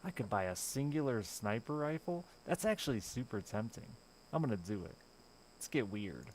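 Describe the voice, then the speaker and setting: A man live streaming a game, chatting casually with a sardonic, self-deprecating manner and a gravelly voice. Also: mid-range voice, big pitch swings, normal speed, a little mellow, slight background noise. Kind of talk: casual chat while playing a game on stream. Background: game music.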